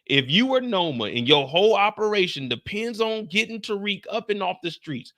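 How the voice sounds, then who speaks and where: A man's voice: sits high, moderate pace. A man on a casual live stream, retelling a TV episode with slang and acted-out lines. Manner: animated storytelling, acts out characters' lines with slang and cursing.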